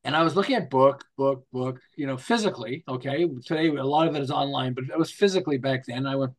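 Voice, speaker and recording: A man's voice: medium pitch, quick pace, hardly any pauses. A man, a guest on an interview show, telling stories animatedly, acting out scenes and restarting his sentences as he goes. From United States. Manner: animated, acts out quotes and scenes; rambling with restarts, tells jokes. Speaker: guest, marketing author. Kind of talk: storytelling interview.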